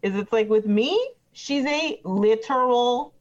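A woman with a slightly high voice speaks slowly, playing a chatty, petty trial witness in an improvised tabletop role-play. She rambles with lots of fillers and turns defensive. The recording is dull and lo-fi.

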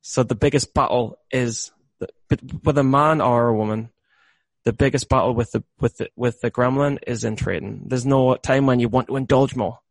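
Gravelly-voiced man rambling candidly. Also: medium pitch, normal speed, dry recording. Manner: rambling, repeats words, laughs at himself. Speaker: trader. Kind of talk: candid conversation about trading mindset.

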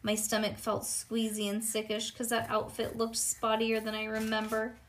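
A woman's voice: a little high, moderate pace, a little hiss or hum. Woman reading a children's storybook. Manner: lively, childlike narration. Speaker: reader.

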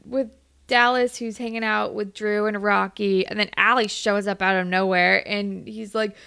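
A woman's voice: mid-range voice, fairly even intonation, moderate pace, creaky, sharp tone, smooth. A woman co-hosting a podcast, recapping a TV episode in casual chat, laughing often, swearing and acting out the characters' lines.

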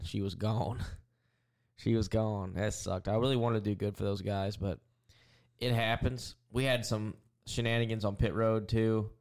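A man co-hosting a podcast as a race car driver, telling rambling stories in a laid-back, casual way full of fillers. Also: fairly low pitch. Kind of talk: casual chat.

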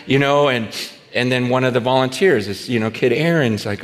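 A man preaching a sermon in a conversational storytelling way, full of fillers and restarts, acting out dialogue and sometimes rising to shouts. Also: medium pitch, fairly quick. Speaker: pastor. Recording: reverberant hall.

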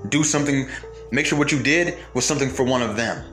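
A man's voice: mid-range voice, fast, a bit bright. Man, fired-up rant, swearing, rhetorical questions, roomy echo, faint music underneath. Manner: heated, profane, full of rhetorical questions. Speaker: commentator. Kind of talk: ranting monologue to viewers.

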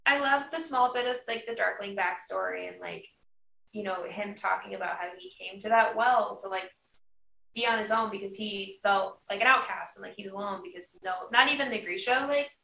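A woman co-hosting a podcast in casual chat, excitable and dramatic as she talks. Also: medium pitch, brisk, gravelly, recorded from a distance. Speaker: podcast co-host. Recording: echoey room, away from the mic.

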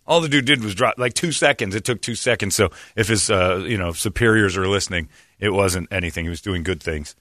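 A man chatting on talk radio, spinning a story with lots of energy and loud acted-out quotes. His voice is bright and forceful. The sound is dry and close to the mic. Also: lowish voice, fast, no room sound. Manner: animated storyteller, acts out quotes loudly. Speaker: radio show host.

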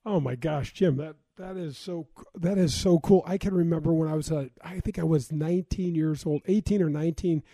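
A man hosting a casual interview, who talks in an excitable and enthusiastic way. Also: fairly high pitch, a little fast, few pauses, no room sound. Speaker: podcast host.

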